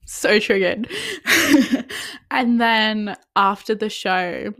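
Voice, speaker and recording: A woman's voice: medium pitch, extremely slow, a bit bright. A young woman recapping a TV episode in a casual rant, full of "like", swearing, and drops into whispers of disbelief. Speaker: TV recap vlogger.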